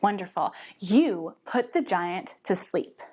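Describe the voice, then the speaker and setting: A young woman teaching a children's movement storytelling class, giving animated, coaxing, sing-song instructions. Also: mid-range voice, slow pace, breathy edge. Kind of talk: guided movement storytelling for kids.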